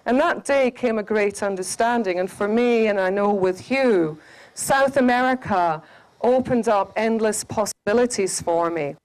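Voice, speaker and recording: A middle-aged woman from the Highlands, giving a spiritual talk to a festival audience, quizzing listeners and stretching out key phrases. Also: poor audio. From Scottish Highlands. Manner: animated, quizzes the audience, drawn-out emphatic phrases. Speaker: shamanic teacher.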